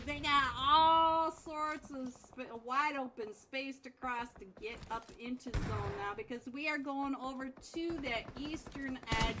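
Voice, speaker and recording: A woman's voice: high voice, bright, forceful tone, a little hiss or hum. A young woman casting a mobile battle royale match live, playful and giggly, chatting with viewers between play calls. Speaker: esports caster. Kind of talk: live game commentary.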